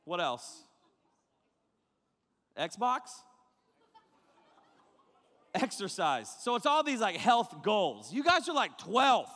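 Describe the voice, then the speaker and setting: A man preaching to a young crowd as a youth pastor, joking and animated, talking straight to his listeners. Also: high-pitched, long reverb tail. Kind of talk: sermon.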